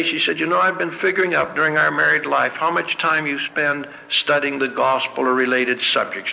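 An older man from Canada delivers an anecdotal sermon, telling stories earnestly and pressing one searching question after another. His voice sits fairly high with a gravelly edge. The sound is a dull, lo-fi recording with long reverb from a large hall. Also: a little hiss or hum. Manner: earnest storyteller, asks many searching questions. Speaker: church speaker.

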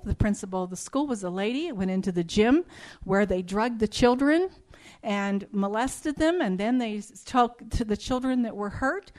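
A woman's voice: medium pitch, darkish tone. A middle-aged woman giving a spoken testimony to an audience, telling her story emphatically and acting out the dialogue. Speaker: speaker telling a personal testimony.

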